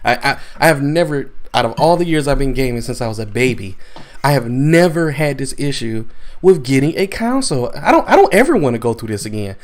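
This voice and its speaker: A man's voice: mid-range voice, very animated, fairly quick. A man co-hosting a gaming podcast, venting in a rambling, frustrated, casual way. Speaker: podcast co-host. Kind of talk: casual chat.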